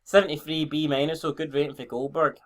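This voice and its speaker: A man's voice: on the high side, flat delivery, fast talker. Rambling, sweary Scottish man. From Scotland. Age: 20s. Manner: rambling, sweary, self-interrupting. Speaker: YouTube gamer. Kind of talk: casual commentary on a wrestling booking game.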